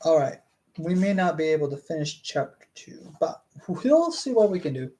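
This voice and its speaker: A male streamer reads a novel aloud live in a slightly high, sing-song voice with a dark tone and a moderate pace. He stumbles over words and keeps breaking off for chatty asides and jokes.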